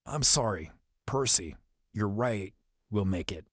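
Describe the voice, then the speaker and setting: A steady, gentle girl who reassures her friend, read by a man in an audiobook. The voice stays close to his own, lowish and dry. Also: takes it slowly, dry recording. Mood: reassuring. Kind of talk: audiobook character reading.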